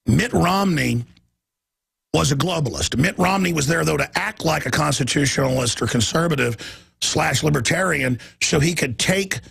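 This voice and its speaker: A middle-aged man hosting a political talk radio show, hoarse with a gravelly, raspy voice, ranting emphatically in rapid-fire bursts. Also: a little high, a bit bright, no echo.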